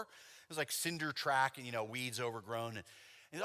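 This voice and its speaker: A man preaching at a church convention, telling lively stories and acting out the dialogue with casual fillers. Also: medium pitch, moderate pace. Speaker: convention speaker. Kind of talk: sermon with storytelling. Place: church sanctuary. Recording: long hall reverb in a church.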